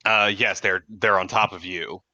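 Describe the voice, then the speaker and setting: Man, game master, very deep voice, sharp bright tone, dull lo-fi sound. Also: fairly even intonation, no room sound. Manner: measured, filler-heavy narration. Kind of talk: narrating a tabletop game.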